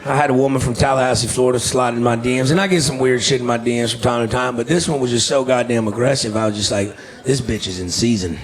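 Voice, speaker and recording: A man's voice: mid-range voice, steady tone, fast talker, hardly any pauses. A male stand-up comedian telling crude stories and working the crowd, acting out the other voices. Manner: crude, drawling storyteller who acts out other voices. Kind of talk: stand-up set with crowd work. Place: comedy club stage. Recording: live club recording with audience noise. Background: audience laughter.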